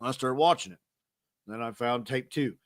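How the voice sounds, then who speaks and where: A man's voice: medium pitch, normal speed, no room sound, clean studio sound. A man, hosting a podcast and telling rambling, self-deprecating stories in a casual monologue. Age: 30s. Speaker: podcast host.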